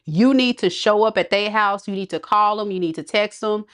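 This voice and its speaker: A woman's voice: medium pitch, moderate pace, a bit bright. A woman giving a casual tarot reading, chatty and slangy, laughing often and talking straight to her viewers. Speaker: tarot reader.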